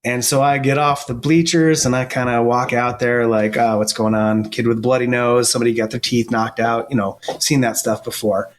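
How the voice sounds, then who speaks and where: A man's voice: mid-range voice, flat delivery, normal speed, few pauses, a little hiss or hum. A middle-aged man speaks in an ordinary mid-range voice. He tells stories earnestly and casually, often stopping and restarting his sentences. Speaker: firefighter and paramedic guest. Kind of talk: casual storytelling interview.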